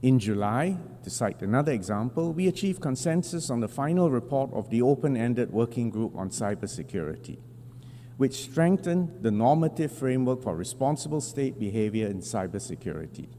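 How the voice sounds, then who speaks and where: A man giving a formal prepared speech to a large assembly, in measured, deliberate phrasing with emphatic stresses, at a podium microphone. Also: mid-range voice, sing-song, dark tone. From Singapore. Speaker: national representative addressing the General Assembly. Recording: long hall reverb with faint hum.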